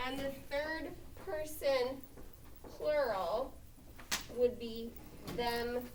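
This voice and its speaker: In an echoey classroom with the mic placed far away, a woman teaches a grammar lesson, pausing to ask "okay?" as she explains. Her voice is high-pitched and very slow, with background noise behind it.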